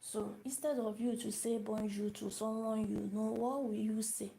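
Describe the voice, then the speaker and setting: A woman's voice: fairly high pitch, steady tone, moderate pace, gravelly, mellow, slight background noise, low-quality recording. A woman teaching a beginner lesson on a live stream, repeating each word and asking her viewers questions as she goes. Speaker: language teacher.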